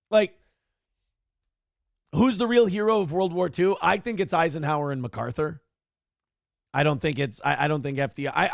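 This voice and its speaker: A man's voice: medium pitch, vocal fry, dry recording, clean studio sound. A man hosting a casual livestream morning talk show, rambling, profane and opinionated as he reads out donations and riffs.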